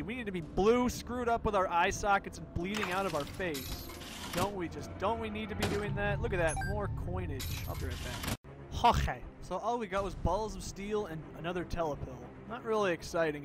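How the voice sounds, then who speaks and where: High-voiced goofy young man gaming. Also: a little fast, heavy background noise. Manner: goofy, rambling, talks to the game. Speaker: gaming video host. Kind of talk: let's play commentary. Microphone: desk microphone. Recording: music playing under the voice.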